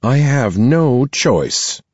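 A man voicing a stern middle-aged female school principal in an audiobook, formal and slow. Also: mid-range voice, big pitch swings, darkish tone, husky, dry recording, lo-fi sound, pitched above the performer's own voice, full character voice. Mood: regretful. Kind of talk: audiobook character voice.

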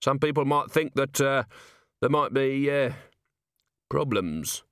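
A man doing a gruff, weary watch commander. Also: medium pitch, expressive, slow, fairly bright tone, no room sound, pitched above the performer's own voice. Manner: gruff, dry.

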